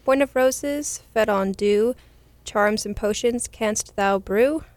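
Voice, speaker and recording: Brief: woman doing old storybook witch, slow sing-song spell chant, raised pitch, dry. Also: dry recording.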